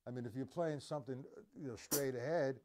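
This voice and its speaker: Over a very noisy background, a drum teacher with a mid-range voice talks a little fast during a live-streamed lesson. He keeps it casual, demonstrating patterns, counting beats aloud and vocalizing drum sounds.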